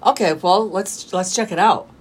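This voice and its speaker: Husky-voiced woman hosting a call-in show. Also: medium pitch, moderate pace. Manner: laughs often, chatty and rambling. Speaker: radio call-in host. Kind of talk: casual radio chat. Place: radio studio.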